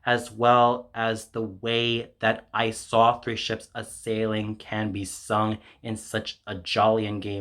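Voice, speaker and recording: A man's voice: lowish voice, fairly bright tone. A man reading his own scripted music album review aloud in a formal, effusive manner.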